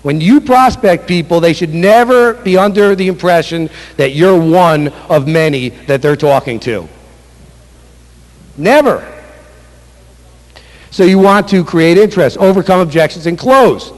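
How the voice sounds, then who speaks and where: A sales trainer runs a motivational seminar, speaking emphatically, repeating key points, and acting out sample sales calls. His high voice is unhurried, and the echoey hall adds long reverb.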